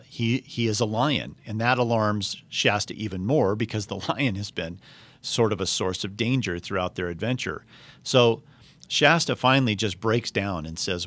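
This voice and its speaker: Man, storytelling talk, lowish voice, hesitant, fillers, conversational. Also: fairly bright tone. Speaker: speaker retelling a novel. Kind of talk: storytelling talk with reading aloud.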